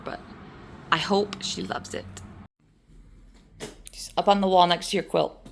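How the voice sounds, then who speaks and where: A woman's voice: on the low side, steady tone, moderate pace, vocal fry, pauses often, a little hiss or hum. A woman, chatting casually to camera in a rambling, self-deprecating vlog. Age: 40s. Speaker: vlogger.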